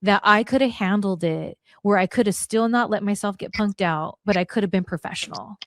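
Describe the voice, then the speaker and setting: Blunt, animated woman telling stories. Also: medium pitch, fairly quick. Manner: blunt, animated, acts out quoted lines. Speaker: podcast guest, former wrestler. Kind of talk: casual storytelling chat.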